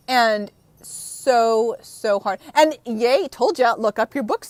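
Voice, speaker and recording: A woman's voice: on the high side, normal speed, a little mellow, dry recording. A woman in her thirties chatting frankly in an unedited vlog, rambling and close to tears, with some swearing. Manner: emotional, on the verge of tears. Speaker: vlogger. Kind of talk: unedited casual vlog chat.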